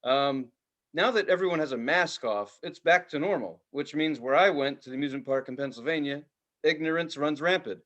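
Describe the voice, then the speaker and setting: A man co-hosting a podcast, telling a profane, animated story in casual chat, now and then shouting loudly. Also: fairly high pitch. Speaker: podcast co-host.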